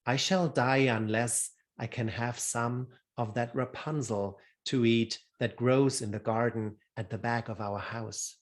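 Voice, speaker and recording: A man's voice: medium pitch, steady tone, measured pace, hardly any pauses, natural voice. A man reading the lines of a pining young wife in a fairy tale, plaintive and despairing.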